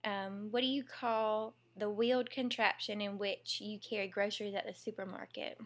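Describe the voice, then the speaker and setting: A woman's voice: mid-range voice, fairly even intonation, normal speed, fairly bright tone. Young woman, Southern US accent, casual vlogger, giggly and chatty. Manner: chatty and giggly, drawling asides. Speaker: mom vlogger, former teacher. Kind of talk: casual home vlog, reading a word list.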